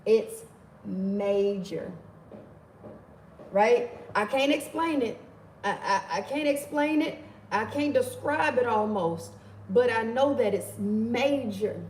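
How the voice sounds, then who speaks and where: A woman hosting a live stream, greeting viewers by name in an affectionate, animated way. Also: fairly high pitch, unhurried. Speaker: livestream host. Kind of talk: casual live stream chat. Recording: echoey room with faint ambient noise.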